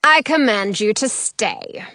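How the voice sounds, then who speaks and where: A woman acts out a tall, imposing storybook king who bellows his orders with pompous grandeur. The delivery is slow and dry, with a high, sweeping voice. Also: wildly swooping pitch, bright, forceful tone, no room sound, heavily acted. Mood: commanding.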